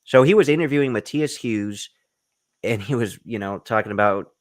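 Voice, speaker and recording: A man's voice: lowish voice, normal speed, dry recording, clean studio sound. A man hosting a casual video-call interview, eager and enthusiastic about the films. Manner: eager, enthusiastic fan of the genre. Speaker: host.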